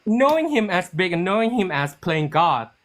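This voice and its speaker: A man, a series writer and producer, tells a story in a relaxed interview. His pitch rises and falls widely as he acts out the dialogue he quotes. His speech is loose and chatty, full of restarts and "like". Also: moderate pace, heavy background noise.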